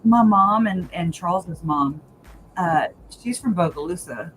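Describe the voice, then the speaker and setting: A woman's voice: lowish voice, expressive, measured pace, soft background music, low-quality recording. Laughing woman chatting on a livestream. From Louisiana. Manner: laughs often, says "y'all". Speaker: livestream host. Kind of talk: casual chat.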